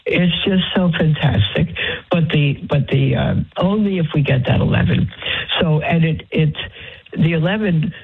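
A nun who is unwell and short of breath makes a halting, pleading fundraising appeal over the phone from her bed. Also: low voice, vocal fry, husky. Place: lying in bed in her convent cell. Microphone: phone line. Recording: tinny phone line.

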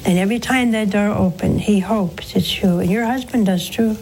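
A nun hosting a call-in program preaches earnestly, counseling callers and coaxing listeners with questions. Her voice is medium-pitched and darkish at a normal speed, on a low-quality recording with slight background noise.

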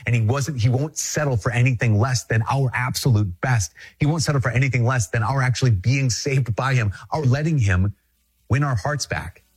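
A man's voice: medium pitch, slightly rough. A man from Minnesota, a Catholic priest, giving an earnest, conversational spiritual talk and repeating phrases for emphasis.

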